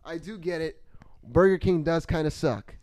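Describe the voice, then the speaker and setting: A man's voice: a little high, normal speed, darkish tone, no room sound. A young man guesting on a podcast, chatting casually and playfully, often hamming it up. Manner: joking, playfully over-dramatic. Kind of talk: casual chat.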